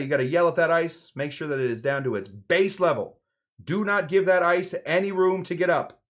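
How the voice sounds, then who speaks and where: A man's voice: a little high, normal speed. A man hosting a live cocktail show, walking through a recipe with playful, rambling jokes and mumbled asides. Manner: playful, rambling, swings between loud emphasis and mumbled asides. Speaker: home bartender host. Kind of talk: jokey live cocktail demo.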